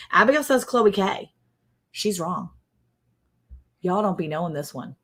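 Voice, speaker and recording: A woman with a fairly low voice hosts a relaxed livestream chat. She runs a guessing game, quizzes her co-host and reads out what viewers write. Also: unhurried, pauses often. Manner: quizzing a co-host and reading viewer comments aloud.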